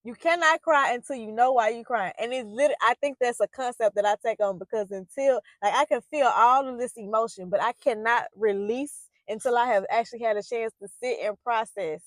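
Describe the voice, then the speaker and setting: A woman who is a poet and parenting vlogger speaks fairly quickly, with few pauses, in a slightly high voice on a dry recording. Her reflective, heartfelt monologue on parenting is loose and full of fillers and restarts, turning emphatic and loud when she hammers a point home.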